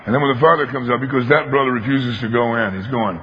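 A man's voice: medium pitch, lively intonation, quick pace. A man preaching a sermon, telling a story with emphatic animation and acting out the voices of its characters. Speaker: pastor. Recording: long hall reverb, dull lo-fi sound.

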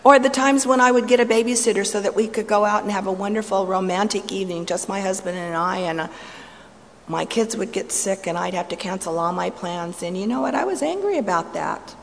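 A middle-aged woman giving a sermon-style personal testimony, storytelling with swings from playful to hushed and intense. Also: mid-range voice, brisk, vocal fry, slight background noise. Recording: long hall reverb, faint ambience.

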